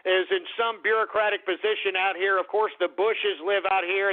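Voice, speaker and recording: A man's voice: sits high, fairly even intonation, moderate pace, few pauses. A man from Texas, hosting a talk radio show in a combative, ranting manner. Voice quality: combative, ranting, calls listeners "boy". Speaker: radio host. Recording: tinny phone-like audio.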